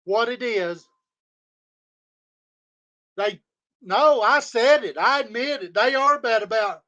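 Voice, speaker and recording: A man's voice: very high-pitched, lively intonation, slow pace, sharp tone. A man on a livestream, ranting in a heated, profane way and repeating his insults. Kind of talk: angry livestream rant. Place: home studio.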